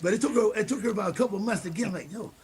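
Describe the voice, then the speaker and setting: A man, a former pro football player, telling lively anecdotes as a podcast guest and acting out the people in them. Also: sits high, racing, a crowd in the background. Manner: animated anecdotes, acts out voices, laughs. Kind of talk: casual conversational interview.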